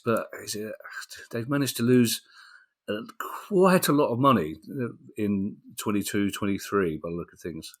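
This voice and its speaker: Lowish-voiced man hosting a chatty podcast. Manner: jokey, laughs while presenting stories. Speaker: podcast host. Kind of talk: casual podcast chat.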